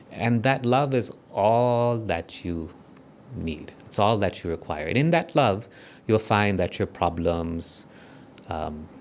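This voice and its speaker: A man with a South African accent gives a gentle, conversational devotional talk to a small group. He guides a meditation and often checks in with his listeners. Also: on the low side, slight background noise. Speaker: spiritual speaker leading a meditation.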